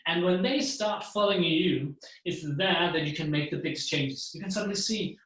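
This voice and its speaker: Brief: male keynote speaker, animated, slightly high voice, very echoey room. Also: moderate pace. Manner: animated, acts out the voices he describes. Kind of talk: seminar talk to an audience.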